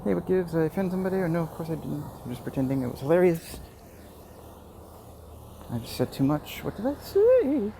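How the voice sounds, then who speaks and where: Gravelly, sarcastic man rambling on a stream. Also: on the high side, brisk, long pauses, poor audio. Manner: sarcastic, dark-humored, talks to himself. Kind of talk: rambling live-stream monologue while playing. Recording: steady background noise.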